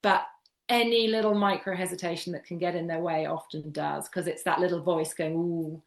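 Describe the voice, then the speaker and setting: A woman's voice: lowish voice, fairly even intonation, brisk, creaky. A woman from the UK, a guest homeopath chatting casually in a podcast interview, often repeating words for emphasis and laughing easily.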